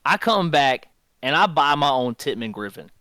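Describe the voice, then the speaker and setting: A man's voice: fairly high pitch, sing-song, normal speed, sharp tone, no room sound. Laid-back man telling stories. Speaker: podcast co-host. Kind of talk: casual storytelling chat.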